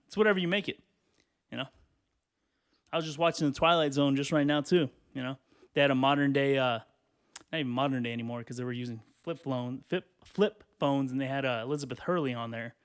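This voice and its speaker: A man hosting a solo podcast from a hot bedroom, rambling casually with lots of swearing and filler, a little out of breath and clearing his throat. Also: medium pitch. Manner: rambling, profane, lots of "you know". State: out of breath and sweaty, standing. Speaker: podcast host.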